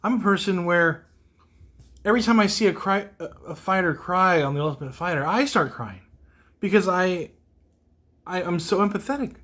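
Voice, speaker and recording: A young man talks through a casual solo podcast, emotional and rambling, laughing at himself as he goes. His voice sits a bit high for a man. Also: expressive, normal speed, pauses often, fairly bright tone. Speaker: podcast host.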